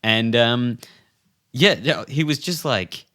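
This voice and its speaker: A young man co-hosting a podcast, telling a story in a casual, animated way, swearing freely and laughing often. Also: mid-range voice, slow. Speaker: podcast co-host.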